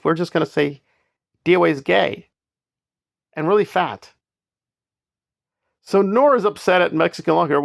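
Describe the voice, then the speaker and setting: A man's voice: a little high, moderate pace, creaky, pauses often, no echo, studio quality. A man giving sarcastic, scornful commentary on online drama.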